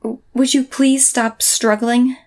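A woman voicing a soft-spoken, apologetic female vampire in a whispered role-play, hushed and politely menacing. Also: fairly high pitch, little pitch movement, slow pace. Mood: gentle.

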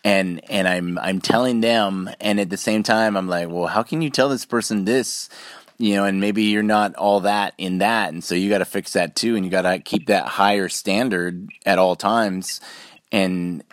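A man's voice: deep voice, fairly even intonation, moderate pace, no room sound. A man who is a guest on a casual interview, telling stories in an earnest, rambling way and acting out the people he quotes. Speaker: podcast guest, military veteran.

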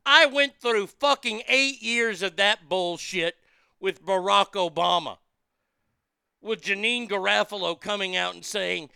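A man's voice: sits high, unhurried, creaky, sharp tone, smooth, no echo. A man hosting a show, ranting angrily with heavy swearing. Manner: profane, heated, swearing often. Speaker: host. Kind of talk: angry commentary rant.

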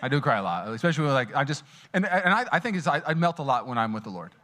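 Animated man preaching a sermon. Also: rapid-fire. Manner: animated, swings from loud and high to quiet and intimate; casual, storytelling, many fillers and restarts. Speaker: pastor. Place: church auditorium.

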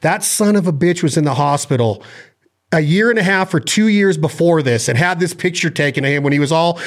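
Casting: a man, a bit high-pitched, spinning an animated story in casual chat, swearing as he goes.

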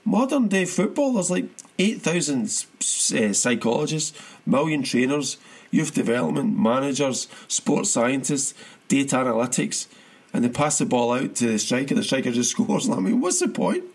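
Animated rambling man. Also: mid-range voice, moderate pace, slightly rough. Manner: rambling, animated, frequent restarts and laughs. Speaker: podcast co-host. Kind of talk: casual football chat.

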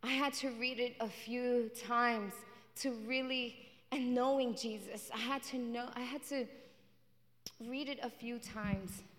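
A woman's voice: on the high side, fairly even intonation, unhurried, fairly bright tone. Impassioned woman preaching in a reverberant hall. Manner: impassioned testimony, repeats phrases. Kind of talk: sermon.

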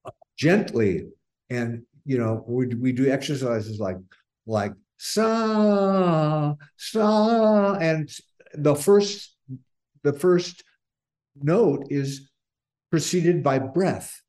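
Older male singer, interview guest, rambling storyteller, mid-pitched voice. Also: takes it slowly. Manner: rambling, restarts often, animated when telling stories. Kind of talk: casual interview chat.

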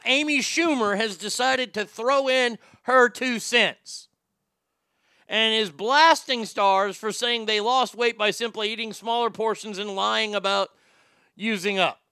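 Profane ranting man, bright voice. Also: high voice, fairly even intonation, takes it slowly, clear, resonant tone, no room sound, studio quality. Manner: profane, combative, sarcastic. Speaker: host. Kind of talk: ranting celebrity commentary.

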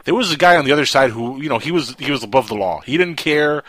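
A man hosting a radio show, chatty storyteller who drops his voice low for asides. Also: animated, quick pace, fairly bright tone. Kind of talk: casual radio chat.

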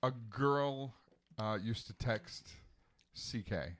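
A man's voice: medium pitch, takes it slowly, slight background noise. A man on a comedy podcast panel, telling loose, rambling stories in casual chat. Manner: rambling storyteller, loose and jokey.

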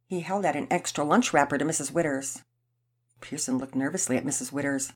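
A woman host announcing contest winners and reading a children's story aloud clearly. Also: low-pitched, a little fast. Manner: clear and animated.

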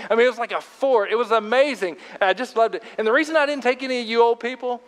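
A man's voice: high voice, long reverb tail. Older male pastor, folksy sermon. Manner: folksy storytelling, conversational.

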